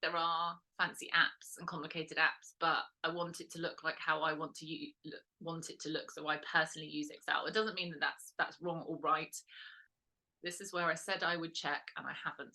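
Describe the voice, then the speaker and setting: A woman's voice: low-pitched, little pitch movement, normal speed, sharp tone. A woman hosting a lifestyle workshop, talking in a chatty, rambling way with lots of "um"s and self-corrections. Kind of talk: casual instructional talk.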